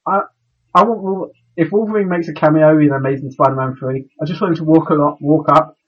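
A man co-hosting a casual podcast, talking in halting bursts and stumbling over his words. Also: fairly high pitch, steady tone, slightly rough, highs cut off. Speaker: podcast co-host.

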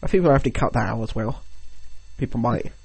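A man's voice: medium pitch, animated, a little fast, creaky, a little mellow, breathy edge. A young man co-hosting a podcast in casual chat, joking and acting out silly little scenes. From Britain. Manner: jokey, launches into goofy acted-out scenes. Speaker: podcast co-host.

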